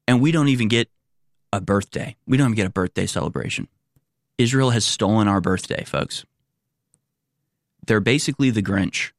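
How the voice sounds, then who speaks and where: A man's voice: lowish voice, normal speed, long pauses, dry recording, clean studio sound. A man hosting a political commentary show, talking in a sarcastic, exasperated way.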